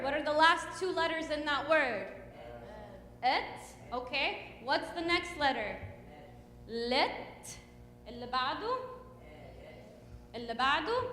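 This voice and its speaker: Woman hymn teacher, patient and encouraging, with a bright high voice in a roomy, echoing church hall. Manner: patient coaching, counting off and praising. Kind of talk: teaching and singing liturgical hymns. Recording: echoey church hall with long reverb.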